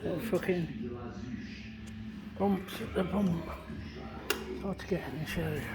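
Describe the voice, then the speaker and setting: A man's voice: fairly high pitch, animated, slow, very noisy. A man in his fifties, a custom motorcycle builder, giving rambling workshop build commentary and swearing freely as he works.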